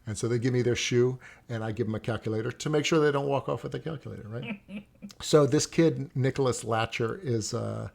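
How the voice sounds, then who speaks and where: A middle-aged man who is both poet and teacher speaks with a medium-pitched, gravelly, somewhat mellow voice. In a relaxed interview he rambles through stories, often starting his sentences over.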